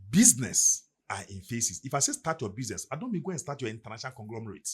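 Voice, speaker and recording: Emphatic Ghanaian man with husky voice. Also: medium pitch, sing-song, fast. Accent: Ghanaian English. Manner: preacherly, emphatic, rising and falling delivery. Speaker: podcast guest. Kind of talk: motivational podcast talk.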